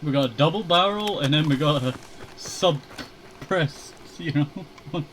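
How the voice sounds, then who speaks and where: A man's voice: fairly high pitch, slow pace, a bit bright, a little hiss or hum, rough recording. A young man casually chatting while playing a shooter game, laid-back and rambling, chuckling often. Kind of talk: casual gaming commentary.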